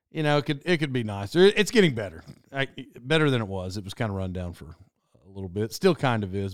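A man's voice: mid-range voice, clean tone, no room sound, studio quality. A man hosting a podcast in a casual monologue, rambling and cutting himself off, with frequent laughs. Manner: rambling and self-interrupting, laughs often. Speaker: podcast host.

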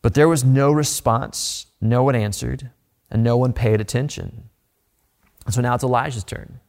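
A man preaching a sermon in an animated, informal way, asking the listeners rhetorical questions. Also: mid-range voice, normal speed, gravelly. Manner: conversational, informal. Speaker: pastor.

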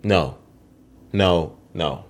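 A man's voice: low voice, extremely slow. A man co-hosting a podcast in casual chat, opinionated and swearing freely as he runs down a ranked list. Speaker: podcast co-host.

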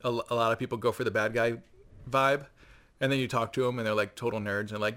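A man chatting casually on a podcast, quick and loose with lots of "like"s. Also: medium pitch, steady tone, fairly bright tone. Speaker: podcast co-host. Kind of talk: casual chat.

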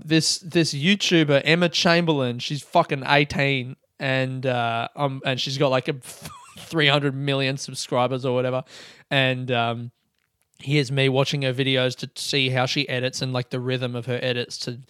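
A man's voice: mid-range voice, a bit bright, clean tone, dry recording, studio quality. A man hosting a podcast, telling stories in a casual, sweary way and often laughing at himself. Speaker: podcast host. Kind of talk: casual storytelling chat.

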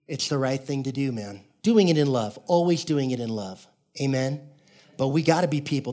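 A man in his fifties, a pastor preaching a sermon, talking in a casual storytelling way and calling out to the congregation. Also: mid-range voice. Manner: storytelling, conversational, calls out to the congregation; acts out characters in quoted voices.

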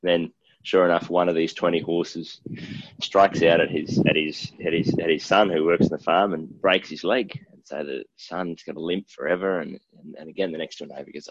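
A man's voice: deep voice, steady tone, normal speed, no echo. A man with an Australian accent, co-hosting a podcast in casual chat and telling stories in a laid-back, jokey way. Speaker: podcast co-host. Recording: dull, dry lo-fi recording.

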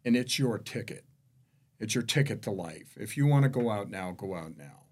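A man, a real estate executive, telling anecdotes as a podcast guest, shifting between hushed and emphatic delivery. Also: on the low side, lively intonation, normal speed, slightly rough. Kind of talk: conversational storytelling.

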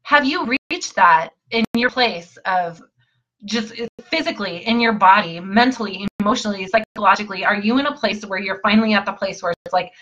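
A woman's voice: mid-range voice, brisk, a bit bright, lo-fi sound. A woman coaching listeners in an earnest, emphatic motivational talk, often repeating her phrases.

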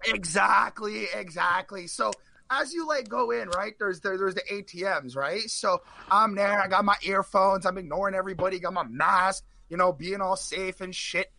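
A man telling a rambling personal story in casual chat on a live stream, animated and full of fillers. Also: high-pitched, normal speed, vocal fry. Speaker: guest.

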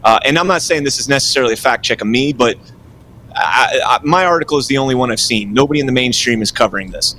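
A man talks through his case at length, hedging with filler phrases as he goes. His voice sits at a middling pitch, and a faint low rumble hums behind him. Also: fast talker, bright, forceful tone. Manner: rambling, explanatory, hedges with "you know". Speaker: political writer, guest. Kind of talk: casual political commentary.

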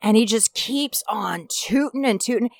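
A woman's voice: a little high, measured pace, vocal fry, dry recording. A woman co-hosting a podcast, telling a funny story in casual chat and acting out the characters as she narrates. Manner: animated narrator, acts out voices in her jokes. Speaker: podcast co-host.

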